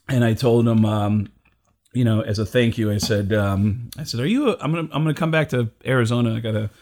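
A middle-aged man casually telling a comedy story, acting out the people he quotes with big jumps in pitch. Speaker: comedian guest.

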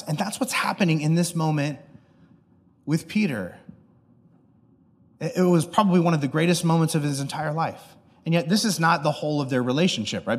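A man's voice: fairly high pitch, slightly rough, in a large hall. A man pastor giving a casual, joking sermon, often checking in with the audience. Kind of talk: conversational sermon.

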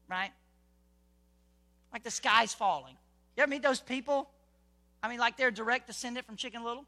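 High, bright-voiced male pastor preaching. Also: brisk, vocal fry, pauses often. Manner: conversational, full of rhetorical questions; swings from quiet to loud fervent preaching. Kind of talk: sermon.

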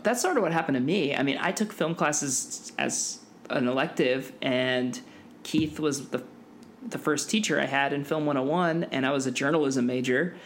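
A young man co-hosting a casual film podcast, easygoing and quick to laugh. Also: medium pitch, slight background noise. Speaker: podcast co-host.

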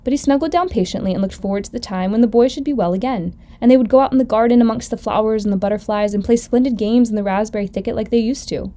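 A woman host reading a children's story aloud gently and expressively. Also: fairly high pitch, fast, few pauses. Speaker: podcast host.

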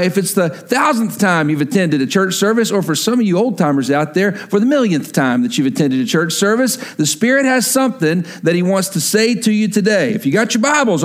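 A middle-aged man preaching a sermon as pastor, telling a story and then dropping into earnest, hushed emphasis. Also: high-pitched.

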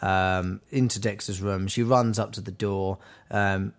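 A man's voice: fairly low pitch, steady tone, unhurried. A man co-hosting a podcast, casually and animatedly retelling a cartoon's scenes. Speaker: podcast co-host. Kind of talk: casual chat.

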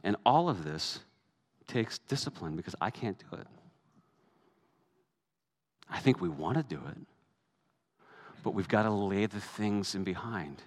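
A middle-aged man with a fairly low voice delivers a sermon as pastor. His preaching stays conversational and relaxed, then climbs to emphatic, raised peaks. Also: measured pace, pauses often.

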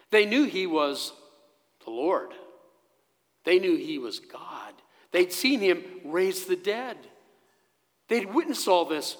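A man preaching a sermon as pastor in a church, telling the story slowly and dramatically, dropping to a hush at key moments. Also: high voice. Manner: slow, dramatic storytelling with sudden hushed drops. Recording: long echo of a church hall.

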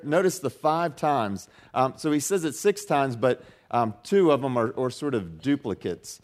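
Casting: male pastor, mid-pitched voice, relaxed conversational sermon delivery, restarts and fillers, leans into quoted lines. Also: a little slow.

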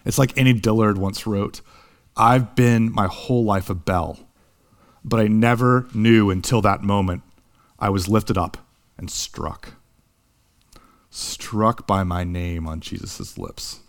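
A young man preaching a sermon in an earnest way, slowing down on key words and rising at the high points. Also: steady tone. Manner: earnest, slows for emphasis, rises in pitch at high points. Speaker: pastor.

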